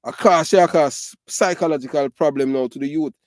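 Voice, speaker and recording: A man's voice: fairly high pitch, a little fast, dry recording, studio quality. A middle-aged man from Jamaica with a Jamaican Patois accent, giving emphatic, repetitive commentary full of fillers. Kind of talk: casual ranting commentary.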